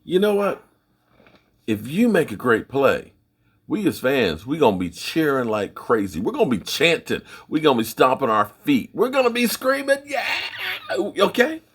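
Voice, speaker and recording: A middle-aged man hosting his own sports channel, giving folksy, opinionated commentary in a rambling, casual way with a husky voice. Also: medium pitch, sing-song, moderate pace, fairly bright tone.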